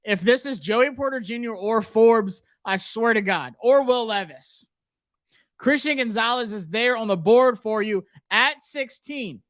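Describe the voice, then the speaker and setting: A man's voice: very high voice, measured pace. Young male streamer, jittery and keyed-up, live draft reactions. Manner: anxious, excited, talks to himself. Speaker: sports livestream host.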